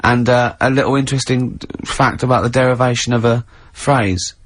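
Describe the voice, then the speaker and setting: A man's voice: mid-range voice, level tone, moderate pace. A man hosting a radio show, rambling and joking in casual banter. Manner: rambling, jokey, breaks into silly put-on voices. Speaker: radio host. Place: radio studio.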